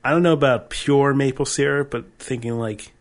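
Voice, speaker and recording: A man's voice: medium pitch, fairly even intonation, moderate pace. A man co-hosting a podcast, chatting playfully about beer and chuckling often. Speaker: podcast co-host. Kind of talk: casual beer-tasting chat.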